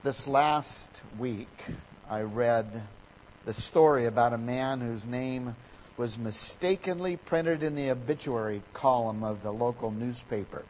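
A man's voice: medium pitch, unhurried, a little hiss or hum, rough recording. Man preaching a sermon, storytelling. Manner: storytelling, animated with voices for quoted people. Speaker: pastor.

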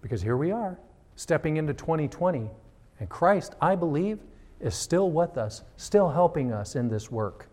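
A man preaching a church sermon in a slightly high voice. He is animated, swings into the voices and prayers he quotes, and sounds like a pastor speaking to his congregation. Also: normal speed.

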